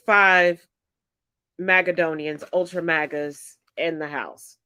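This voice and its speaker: Stuffy-nosed and congested, a female host of a one-person political commentary program reads out numbers slowly and deliberately. Her mid-range voice is a bit bright, captured in a dry recording.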